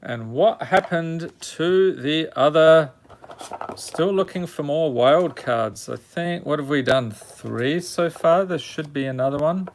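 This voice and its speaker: A man with a Chicago accent opens card packs on a live stream, listing card names steadily before chatting casually with viewers. He speaks slowly at a fairly high pitch, with slight background noise audible.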